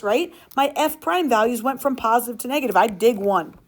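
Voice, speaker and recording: A woman's voice: fairly high pitch, lively intonation, fairly quick. Upbeat woman teaching a class. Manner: upbeat and playful, asks the class questions. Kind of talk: classroom lesson.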